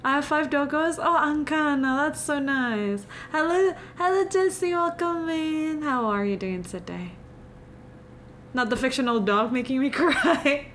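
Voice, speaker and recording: A woman's voice: high voice, unhurried, a bit bright, a little hiss or hum. Confiding young Indonesian woman streamer. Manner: meandering, confiding, chatty with viewers. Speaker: livestreamer. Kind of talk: casual live-stream chat.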